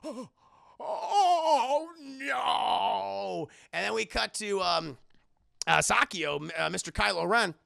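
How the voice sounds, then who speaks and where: Gravelly, excited, swearing male anime reviewer. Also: high voice, normal speed. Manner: profane, excited, addresses the chat. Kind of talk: casual recap for a live chat.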